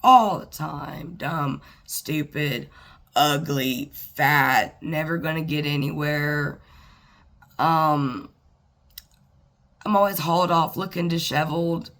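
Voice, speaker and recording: A woman talking to the camera in a personal, reflective monologue, halting and earnest, with pauses and sighs. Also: low voice, expressive, a bit bright. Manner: earnest and plainspoken. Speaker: vlogger.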